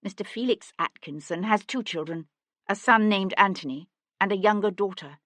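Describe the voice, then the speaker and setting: A woman narrator voicing a composed, earnest young gentlewoman in an audiobook, speaking in a measured, pleading way. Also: medium pitch, dry recording, voice pushed up, close to an everyday voice.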